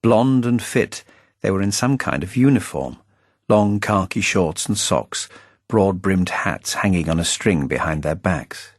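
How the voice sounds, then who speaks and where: A man with a deep, expressive voice reads his own novel aloud as its author, narrating in the first person with a wry, arch storytelling style. He keeps a measured pace, and the recording is close-miked in a studio with no room sound.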